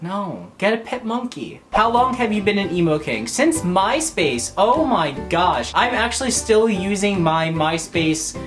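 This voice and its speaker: A woman answering fan questions in a casual vlog, rambling, jokey and excitable. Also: mid-range voice, measured pace, few pauses, soft background music.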